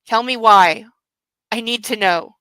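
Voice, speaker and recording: A woman's voice: on the high side, a little slow, sharp tone, clear, resonant tone, no echo, low-quality recording. Woman reading as a controlling young husband. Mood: commanding.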